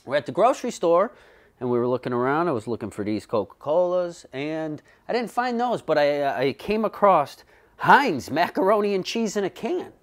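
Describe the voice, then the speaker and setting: A man hosting a homemade comedy show, rambling profanely through jokey stories and putting on quick voices. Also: fairly high pitch, very animated. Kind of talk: comedic monologue. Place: bedroom.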